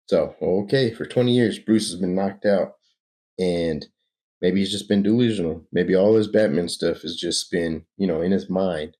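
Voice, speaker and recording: Mellow, low-voiced man, casual comic read-aloud host. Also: normal speed. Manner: relaxed, conversational asides. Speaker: comic book reader.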